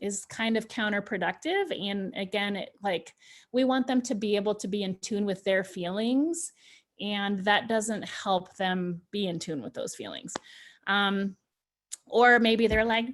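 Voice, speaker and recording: A woman's voice: mid-range voice, unhurried. Chatty woman giving a parenting workshop. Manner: chatty, full of fillers and restarts. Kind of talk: informal talk to parents.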